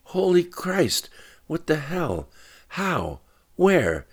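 A man voicing a blunt, quick-tempered young woman reporter in an audiobook, pitching his voice up for her. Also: expressive. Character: sharp-tongued woman reporter, young adult.

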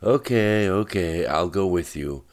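A man's voice: low voice, a little slow, voice pushed up. A man playing a terse young bodyguard. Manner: clipped, guarded.

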